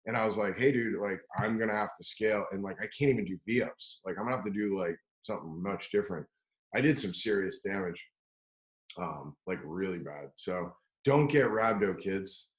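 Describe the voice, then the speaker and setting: A man's voice: low-pitched, moderate pace. Rambling man in a roomy space. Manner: rambling, profane, lots of "like" and restarts. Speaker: podcast guest telling a story. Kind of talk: casual chat.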